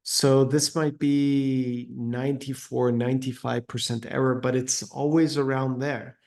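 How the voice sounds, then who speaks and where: A man's voice: mid-range voice, flat delivery, unhurried, vocal fry, a little mellow. A man giving a webinar presentation on trade data, hesitant with many fillers and restarts and an uneven pace.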